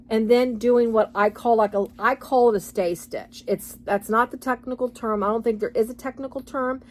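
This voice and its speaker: A woman's voice: a little high, darkish tone. A woman giving a casual sewing tutorial in a chatty, rambling way, full of fillers and restarts. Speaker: sewing pattern designer.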